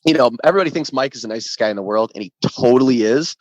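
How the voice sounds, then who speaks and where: A man who plays in a ska band, a guest in a casual podcast interview, telling an animated story that is often profane. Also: mid-range voice, very fast, no echo. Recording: dull lo-fi sound, dry.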